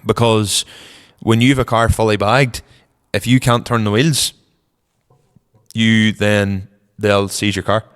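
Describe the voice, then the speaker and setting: A young man with a Northern Irish accent co-hosting a casual car podcast, rambling in a relaxed way, trailing off softly, and feeling cold. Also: on the low side, slow pace, smooth. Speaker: podcast co-host. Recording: long reverb.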